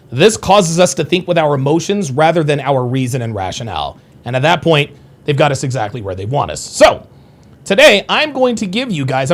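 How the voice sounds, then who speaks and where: A man hosts a solo advice podcast, talking straight to his listeners in an emphatic, lecturing way. His voice sits a little high and swings widely in pitch. He keeps checking in with a quick "okay?" or "right?". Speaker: dating advice podcast host.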